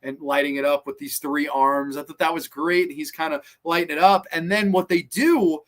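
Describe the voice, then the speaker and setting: A man's voice: on the high side, fairly even intonation, normal speed, a bit bright. A man hosting a podcast, casually reviewing a TV episode in an enthusiastic, rambling way and cursing freely. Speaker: podcast host.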